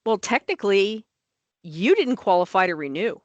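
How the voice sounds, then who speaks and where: A woman's voice: medium pitch, big pitch swings, moderate pace, dry recording, highs cut off. A woman on licensing office staff, talking through rule changes at a board meeting in an emphatic, plain-spoken way.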